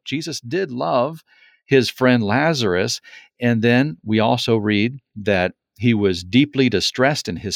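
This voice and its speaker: A man talks through a Bible passage in an earnest, reflective manner. He circles back and repeats key words for emphasis. His voice sits at a middle pitch and sounds dry and close. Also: no room sound. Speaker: Bible teacher. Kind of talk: conversational Bible discussion.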